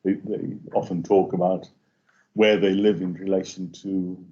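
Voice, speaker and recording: A man giving a halting academic seminar talk, full of fillers and restarts, over muffled online call audio. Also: deep voice, level tone, mellow. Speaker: invited speaker.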